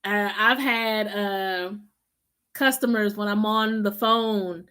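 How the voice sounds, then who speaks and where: A woman's voice: medium pitch, steady tone, takes it slowly, pushed and bright, clear, resonant tone. A woman from Los Angeles with a Southern country drawl, chatting casually to viewers on a spiritual live stream, slangy and informal with frequent laughs. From Los Angeles, USA.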